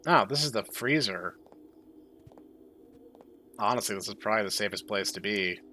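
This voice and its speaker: A young man doing sarcastic, deadpan commentary while playing a horror game. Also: on the low side, normal speed, a little hiss or hum. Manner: deadpan, dry sarcastic asides. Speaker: game streamer. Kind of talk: sarcastic let's-play commentary.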